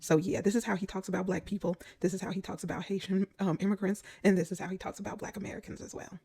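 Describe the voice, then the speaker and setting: A woman speaks in a gravelly, husky voice with a mellow, dark tone. She comments bluntly and without hurry, dropping wry asides to her viewers. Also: medium pitch, fairly even intonation, quick pace. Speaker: commentary vlogger. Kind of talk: casual commentary to camera.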